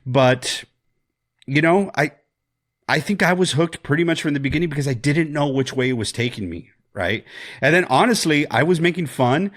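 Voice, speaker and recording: A man co-hosting a podcast, talking through a horror film in a rambling, animated way with jokes and swearing. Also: a little high, moderate pace. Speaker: podcast co-host. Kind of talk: casual film discussion.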